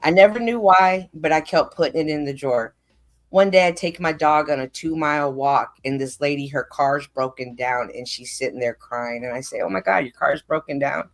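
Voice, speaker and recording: A woman's voice: low-pitched, normal speed. A woman speaking earnestly on a live stream, telling a personal faith story in casual conversation.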